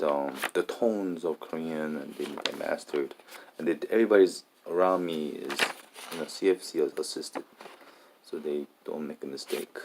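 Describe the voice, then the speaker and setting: A man in a casual monologue, talking haltingly and often restarting and repeating his words. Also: a bass voice, background noise.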